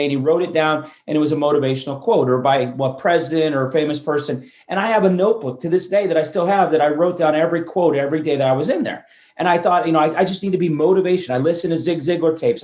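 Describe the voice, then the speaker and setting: Man in his fifties, guest storyteller, voice on the high side, animated with restarts, echoey room. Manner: animated storyteller who restarts words mid-sentence. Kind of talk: storytelling interview chat. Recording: roomy echo.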